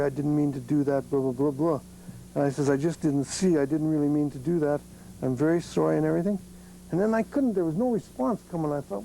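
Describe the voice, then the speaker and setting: Gravelly man, a bit high-pitched, a lively storyteller talking frankly to students. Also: slight background noise, low-quality recording. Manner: animated storyteller, salty, laughs often. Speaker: accident survivor speaking to students. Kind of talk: personal story told to a group.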